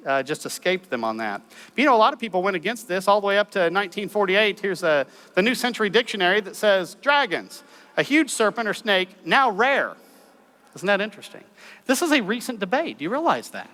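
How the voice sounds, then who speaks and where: Man, lecture to an audience, high voice, rhetorical questions, lively. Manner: animated, full of rhetorical questions. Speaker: speaker.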